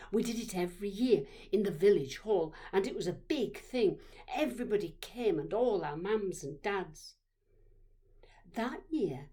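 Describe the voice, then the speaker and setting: A woman narrating a childhood memoir story, expressive and dropping to dramatic whispers. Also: medium pitch.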